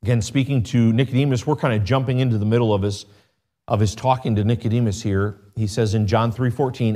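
A man's voice: mid-range voice, fairly even intonation, brisk, warm tone. A man preaching a sermon, asking his congregation rhetorical questions and reading scripture in King James wording.

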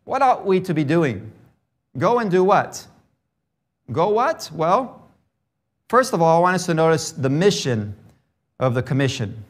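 A man's voice: fairly high pitch, sing-song, a little slow, long pauses. A man preaching a sermon who grew up in Brazil, moving from a childhood story into emphatic teaching on scripture.

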